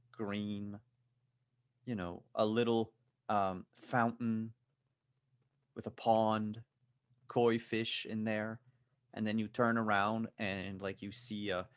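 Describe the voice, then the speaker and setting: A man narrating as game master of a tabletop game, calm and descriptive with dry humor. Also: fairly low pitch, no echo.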